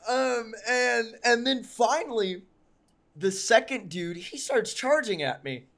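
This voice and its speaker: A man's voice: very high-pitched, slow, fairly bright tone. A young man telling a long personal story on a podcast, casual and rambling, full of ums and likes, and often mocking himself. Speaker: podcast co-host.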